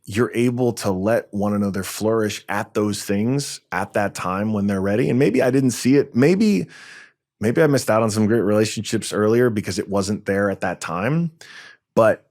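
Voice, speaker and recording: Man, deep voice, from New York, animated anecdotal storyteller, podcast guest. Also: normal speed. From New York, USA. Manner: lively anecdotal storytelling, acts out dialogue. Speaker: guest, tech entrepreneur.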